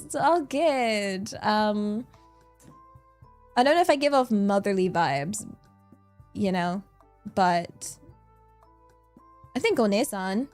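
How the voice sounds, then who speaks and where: A woman's voice: medium pitch, slow pace, long pauses, soft background music. A young British woman streamer chatting casually with her viewers, bubbly and giggly as she reads out the chat. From Britain.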